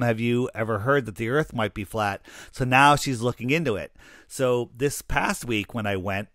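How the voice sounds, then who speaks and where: A man's voice: medium pitch, fairly bright tone, no echo, clean studio sound. A man co-hosting a casual podcast chat, telling an anecdote and acting out the people in it. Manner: storytelling, acts out quoted people. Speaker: podcast co-host.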